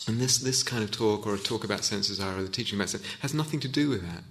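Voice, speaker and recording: A man's voice: on the low side, rapid-fire, hardly any pauses, a bit bright. A man giving a reflective Dharma talk as a meditation teacher in a hall, often restarting and searching for words.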